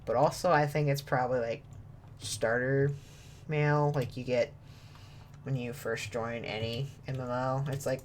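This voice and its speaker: A woman's voice: very deep voice, fairly even intonation, normal speed, a little hiss or hum. A woman streaming a video game from home, chatting and joking with viewers and her dog, laughing often. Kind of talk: casual gaming stream chat. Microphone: desk mic with webcam.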